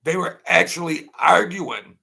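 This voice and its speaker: A man hosting an unscripted live-stream chat, rambling and animated, laughing often as he talks. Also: fairly high pitch, unhurried, gravelly, breathy edge. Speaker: channel host.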